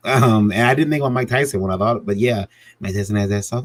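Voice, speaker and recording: Deep-voiced man in casual chat. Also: fast talker, no room sound. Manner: rambling, self-interrupting, jokey. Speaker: comic creator guest.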